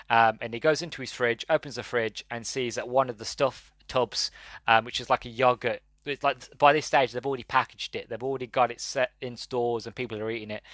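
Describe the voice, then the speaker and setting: A man's voice: mid-range voice, fairly bright tone, no room sound. A man hosting a podcast, reviewing a movie in a rambling, exasperated way with laughing asides. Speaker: podcast host. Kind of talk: casual solo movie review.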